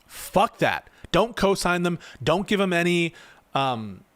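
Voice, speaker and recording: A man's voice: high-pitched, big pitch swings, takes it slowly, fairly bright tone. A man doing casual live-stream commentary on politics, reading chat and ranting in a profane, exasperated way.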